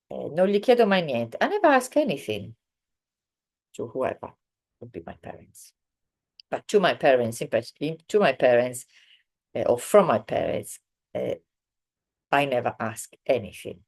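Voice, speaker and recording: Low-voiced woman teaching language. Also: darkish tone. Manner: explains slowly with many fillers, acts out example sentences. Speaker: Italian teacher. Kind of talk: online language lesson.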